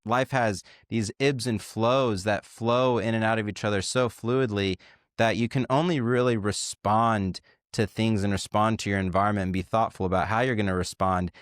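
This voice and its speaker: A man co-hosting a podcast in casual chat, thoughtfully telling parables and trailing off quietly at the ends of lines. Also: on the low side, no room sound, clean studio sound. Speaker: podcast co-host.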